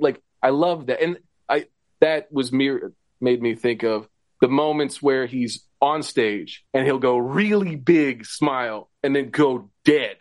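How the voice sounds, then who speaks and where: A man chatting casually about a film, enthusiastic, who breaks into high mimicry of characters. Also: unhurried, no room sound, clean studio sound. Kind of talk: casual chat.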